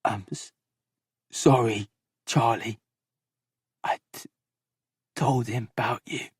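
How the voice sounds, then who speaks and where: Man voicing a frail young bloke, weak stammer, slow, dark husky tone, audiobook. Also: fairly high pitch, dry recording, clean studio sound, pitched above the performer's own voice. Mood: weak, halting. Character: frail, badly beaten young London man. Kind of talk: audiobook character voice.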